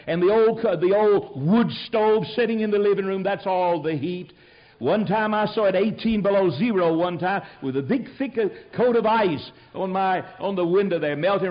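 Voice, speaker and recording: A man's voice: sits high, muffled recording. An older man from Tennessee with a Southern accent, preaching a sermon in a folksy storytelling manner that rises to emphatic exhortation.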